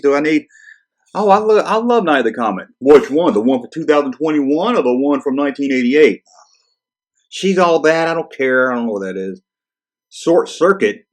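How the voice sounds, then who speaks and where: A man hosting his channel, reading through a list and reacting with exasperated, sarcastic commentary and frequent swearing. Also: fairly high pitch. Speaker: channel host. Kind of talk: casual ranting commentary.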